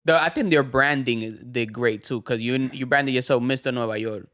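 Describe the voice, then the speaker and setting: A man's voice: medium pitch, moderate pace, fairly bright tone. A man hosting a casual podcast chat, eager and agreeing often, mixing Spanish and English. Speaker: podcast host.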